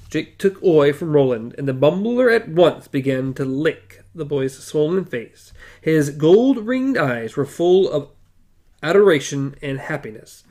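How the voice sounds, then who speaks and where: A male podcast co-host reading a novel aloud, relaxed and unhurried. His voice is somewhat high for a man and his pace is slow.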